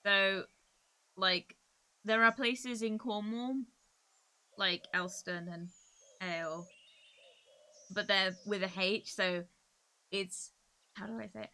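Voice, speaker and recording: A woman's voice: mid-range voice, steady tone, takes it slowly, pauses often, pushed and bright. A woman with a Cornish accent, chatting casually on a gaming live stream, giggling often and rambling.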